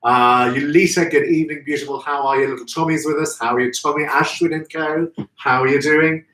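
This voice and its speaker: A man's voice: on the high side, fairly even intonation, brisk, a bit bright. A man hosting a live stream, chatty and effusive, greeting viewers by name. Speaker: host of a live florist show. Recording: echoey room, distant from mic.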